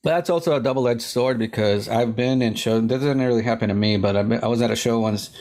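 A man's voice: medium pitch, fast, darkish tone. A man who works as a stand-up comedian, chatting casually and telling rambling, profane stories full of quoted back-and-forth. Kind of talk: casual podcast chat.

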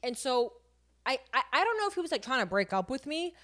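A woman's voice: high-pitched, very animated, fast, sharp tone. Chatty young woman telling a story. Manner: chatty, filler-heavy, vivid storytelling. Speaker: podcast co-host. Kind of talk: candid casual chat.

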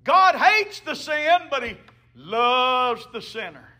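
A man's voice: very high-pitched, animated, slow pace, sharp tone. A man preaching a sermon as a pastor, emphatic, with call-and-response to the congregation.

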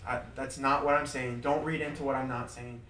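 A man's voice: mid-range voice, brisk. Guy leading a bible study, chatty and emphatic, kinda far from the mic in an echoey room. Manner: animated, emphatic repetition, laughs while telling stories. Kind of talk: informal teaching to a small group. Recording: roomy, distant mic with faint background noise.

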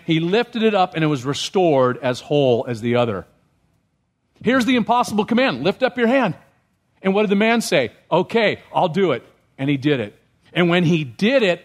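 A man preaching a sermon as pastor, often checking in with the congregation with questions. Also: sits high. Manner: asks the congregation questions, rising when stirred.

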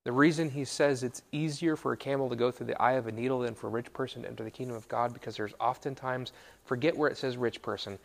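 Male preacher, joking sermon, playful asides, self-correcting, live audience in a hall, mid-pitched voice. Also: creaky.

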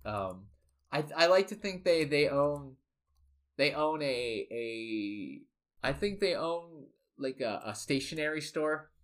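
A young man with a slightly higher voice rambles through a made-up story with a friend, stopping and restarting as he thinks. His talk is loose and casual, full of asides. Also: expressive, slow.

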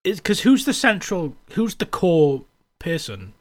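A man's voice: high voice, wildly swooping pitch, measured pace, a crowd in the background. A British man co-hosting a podcast, chatting in a jokey, rambling way with plenty of swearing. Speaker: podcast co-host. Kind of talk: casual chat.

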